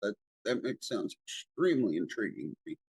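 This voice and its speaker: A man's voice: on the low side, sing-song, a little fast, darkish tone, slightly rough. A man co-hosting a live stream, chatting casually and swearing now and then.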